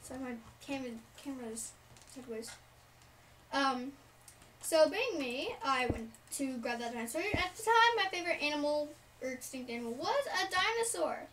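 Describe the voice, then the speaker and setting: Young woman storyteller, high voice, rambling, filler-heavy; recorded from a distance with noisy background. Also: expressive, normal speed, fairly bright tone. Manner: rambling, many fillers, side remarks. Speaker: storyteller vlogger. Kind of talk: casual story time. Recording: distant mic, noisy room.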